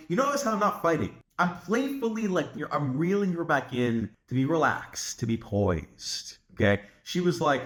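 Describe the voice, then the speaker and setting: A man's voice: medium pitch, very animated, a little fast, few pauses, reverberant. A young man giving dating advice in a brash, boastful monologue, swearing often and filling his talk with "like". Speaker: dating coach. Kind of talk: casual monologue to camera.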